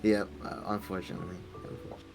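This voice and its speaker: Low-voiced hesitant podcast co-host. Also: male voice, flat delivery, racing, creaky, soft background music. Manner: hesitant, many fillers and restarts, agreeable. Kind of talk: casual podcast chat.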